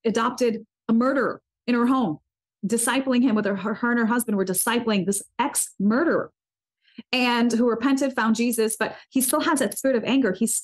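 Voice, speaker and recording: Woman guest, higher-pitched, earnest and preachy, full of restarts. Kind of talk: casual interview talk about faith.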